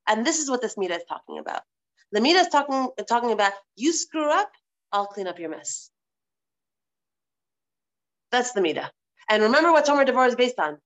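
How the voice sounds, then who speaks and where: A woman's voice: high voice, a bit bright. A woman teaching a live online religious class, stressing points by repeating phrases, over a video call.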